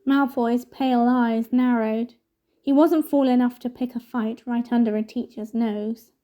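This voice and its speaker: A woman reading a novel aloud in steady, measured narration. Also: on the high side. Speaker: storybook reader.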